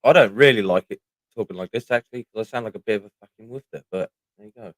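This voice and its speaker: A man's voice: lowish voice, very fast, no room sound. A middle-aged man with a British accent, chatting casually on a livestream, rambling and swearing freely. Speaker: livestream host.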